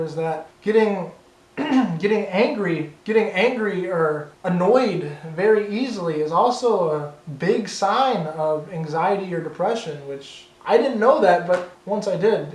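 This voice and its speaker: A man's voice: high voice, echoey room, rough recording. A young man talking candidly in a vlog, rambling, restarting and tripping over his words, swearing when riled. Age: young adult. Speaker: YouTuber. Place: his own bedroom.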